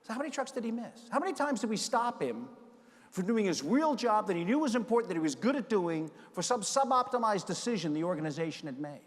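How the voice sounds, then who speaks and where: A middle-aged man giving a conference keynote, telling a story and acting out the dialogue with lively energy. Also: sits high, fast. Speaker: keynote speaker. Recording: long hall reverb.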